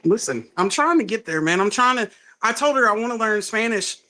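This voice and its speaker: Southern guy, high bright voice, animated storyteller, laughs a lot. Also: brisk. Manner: animated storytelling, laughs often, acts out quotes. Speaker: stand-up comedian, guest. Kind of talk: casual chat.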